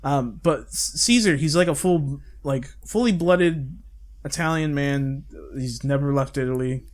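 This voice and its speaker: A man's voice: medium pitch, a little slow. A young man co-hosting a podcast, chatting casually and rambling with casual swearing and frequent laughs. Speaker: podcast co-host. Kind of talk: casual chat.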